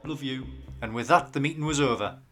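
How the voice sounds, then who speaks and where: A man, deadpan, playing the lead and narrating a comedy audio drama. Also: mid-range voice, fairly quick, big-room sound, soft background music.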